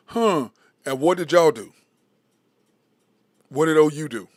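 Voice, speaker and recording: A man's voice: fairly high pitch, animated, slow, dry recording, clean studio sound. A sports talk host, rambling and venting his frustration in a solo commentary.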